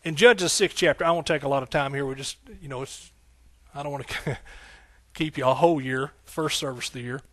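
A man's voice: mid-range voice, a little fast, a bit bright, no echo. A man preaching a sermon, fervent and rhythmic, repeating phrases, calling out hallelujah and talking folksily to the congregation. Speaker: pastor.

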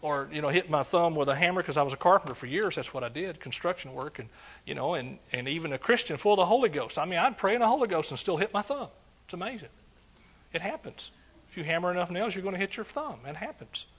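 A middle-aged preacher with a high voice delivers a folksy, joking sermon. He breaks into lively shouts of praise now and then. The recording sounds dull and lo-fi. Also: fast talker, breathy edge. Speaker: pastor.

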